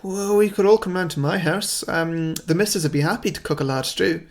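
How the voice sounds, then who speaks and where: A man's voice: high voice, fairly quick, voice pushed up. A man voicing a meek male werewolf pack member who speaks hesitantly and is eager to please.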